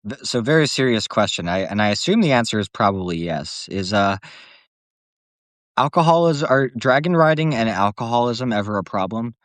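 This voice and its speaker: A man's voice: medium pitch, lively intonation, normal speed, no room sound. A man in a casual discussion, joking and swearing while he talks. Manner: joking, laughs often, swears.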